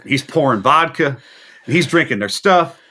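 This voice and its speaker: Speaking at a moderate pace in a voice on the high side, a musician guest on a video interview rambles through a long anecdote. He brings its characters to life by quoting them with animation.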